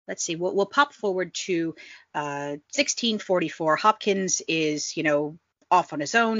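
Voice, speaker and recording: A woman's voice: on the low side, sharp tone, no room sound. A woman co-hosting a casual history podcast, explaining with wry, dry understatement. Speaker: podcast co-host. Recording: slightly dull, dry home mic.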